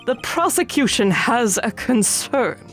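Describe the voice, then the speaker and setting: A woman's voice: a little high, animated, measured pace, soft background music. A woman voicing a cold, formal male prosecutor in a fan dub of a courtroom game. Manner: stiff, formal.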